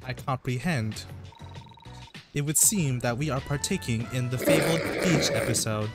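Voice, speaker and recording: A performer in a live fan dub voicing a polite, literal-minded female combat android who talks in flat, formal robotic phrasing. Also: medium pitch, normal speed, music in the background, close to an everyday voice. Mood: deadpan.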